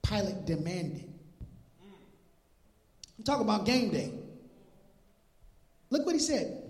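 A male pastor preaching an animated, joking sermon in casual slang, retelling scripture. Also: sits high, takes it slowly, pauses often. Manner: animated, jokey, laughs at his own lines. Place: church sanctuary. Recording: echoey hall.

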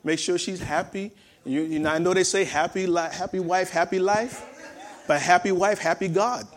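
A man's voice: high-pitched, moderate pace. Man preaching with repeated emphasis. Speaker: pastor. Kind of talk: sermon.

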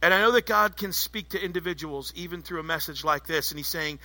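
High, piercingly bright male preacher. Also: quick pace, hardly any pauses, dry recording. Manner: emphatic, rhetorical, repetitive. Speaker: pastor. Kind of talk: sermon.

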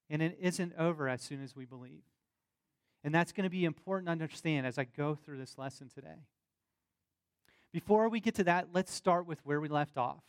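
Man, sermon, plain teaching tone, fairly high pitch, dry recording. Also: smooth, dry recording. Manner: plain teaching tone with asides and questions to listeners. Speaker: preacher. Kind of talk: sermon, reading and explaining scripture.

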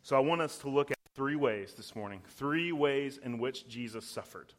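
A young adult man preaching a sermon, emphatic and slowing down to stress key words. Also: mid-range voice, expressive. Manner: puts on voices when quoting.

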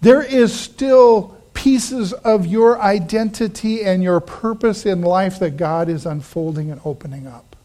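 A man preaching a sermon as a pastor, animated and acting out the quoted voices, dropping to quiet asides. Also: high-pitched, measured pace, few pauses.

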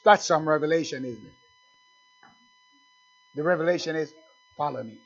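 A man's voice: on the high side, normal speed, highs cut off. A man preaching a sermon in call-and-response style, acting out little dialogues with the congregation.

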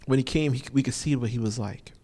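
A man with a warm, mid-range voice talks fast as he delivers a conversational sermon, repeating key phrases for emphasis and often dropping in "you know." The long reverb of a large hall surrounds his words.

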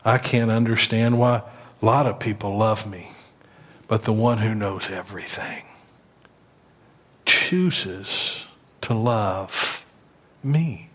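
A man preaching a sermon as pastor, emphatic, leading the congregation in call-and-response. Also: medium pitch.

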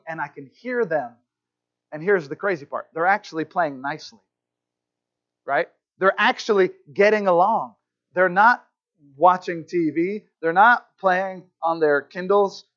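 A high-pitched male pastor preaching to his congregation. He tells stories in a chatty, self-deprecating way and often restarts his sentences. The recording is dull and lo-fi, taken in a church. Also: a bit bright. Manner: conversational, self-deprecating storytelling with frequent restarts. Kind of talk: sermon. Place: church sanctuary.

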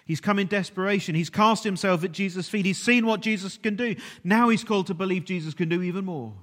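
A man preaching a sermon earnestly, at times dropping to a hushed, almost whispered voice. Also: sits high, fast talker. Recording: long reverb of a large hall.

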